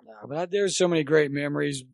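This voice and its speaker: Gravelly older man spinning stories. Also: a little high, quick pace, no echo. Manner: animated anecdote teller, acts out quotes. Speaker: podcast guest, former college baseball coach. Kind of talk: casual storytelling chat.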